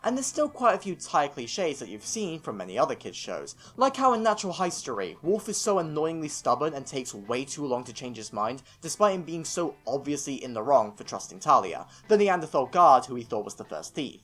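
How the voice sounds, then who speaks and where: A man's voice: fairly high pitch, big pitch swings, brisk, few pauses, fairly bright tone. A man from England with an English accent narrating a scripted video review of a cartoon series, opinionated and given to sarcastic little rants. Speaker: film and TV reviewer.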